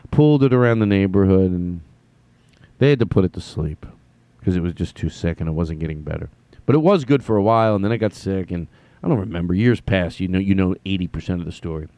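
A man's voice: low-pitched, expressive, quick pace, dark tone, no echo. A man hosting his podcast, telling stories in a stammering, self-deprecating way. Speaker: podcast host. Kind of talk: rambling comedic monologue.

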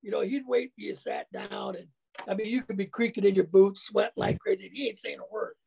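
A man's voice: high-pitched, brisk, gravelly, mellow, slight background noise. A man who once played college football, recalling his past in a casual interview, folksy and colloquial. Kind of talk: casual storytelling.

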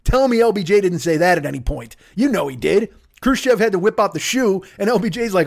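Comedy podcast host, male, high-pitched, foul-mouthed ranting delivery. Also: expressive, fairly quick, vocal fry. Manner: ranting, profane, riffing into mock voices. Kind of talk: profane comedic rant.

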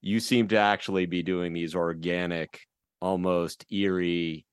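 A man co-hosting a casual interview, making thoughtful, measured remarks. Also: deep voice, fairly even intonation, smooth, no room sound, clean studio sound.

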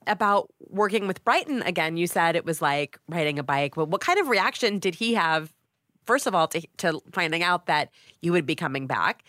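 A woman co-hosting a podcast puts questions to her guest in a friendly, casual way. Her voice sits a little low yet sounds bright. The sound is dry and close. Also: animated, normal speed, no echo. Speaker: podcast co-host.

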